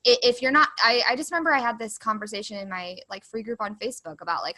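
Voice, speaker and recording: A woman's voice: on the high side, quick pace, few pauses, pushed and bright, low-quality recording. A woman hosting a podcast in casual conversation, speaking emphatically and building her points through repeated phrases. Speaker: podcast host.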